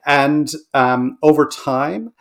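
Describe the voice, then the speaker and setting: A man's voice: fairly high pitch, slow pace. An Australian man in a casual interview, explaining with many ums and restarts. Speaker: language researcher guest.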